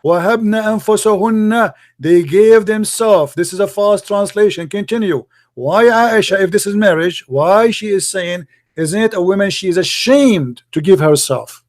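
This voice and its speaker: A man's voice: sits high, normal speed, dry recording, clean studio sound. A man debating heatedly, repeating his questions and mocking his opponent.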